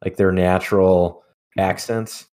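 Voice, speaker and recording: A man's voice: low-pitched, steady tone, takes it slowly, a little mellow. A man co-hosting a podcast in casual, joking chat. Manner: joking, teasing. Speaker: podcast co-host.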